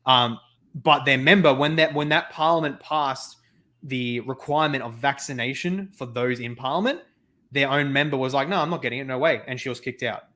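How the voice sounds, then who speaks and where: Young aussie guy laughing through a story. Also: medium pitch. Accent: Australian. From Australia. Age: young adult. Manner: animated storytelling, laughs often, quick asides. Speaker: host. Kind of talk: casual chat on a video call.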